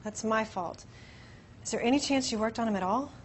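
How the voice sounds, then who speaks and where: A woman's voice: on the high side, fairly quick, a little hiss or hum, lightly acted. An actress playing a stressed woman manager in a training video, anxious and pressing.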